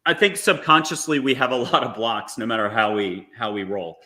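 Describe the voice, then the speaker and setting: A man, a guest speaker, leading a guided visualization in an animated, coaxing way with little jokes. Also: mid-range voice, a little fast. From United States. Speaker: guest, angel intuitive.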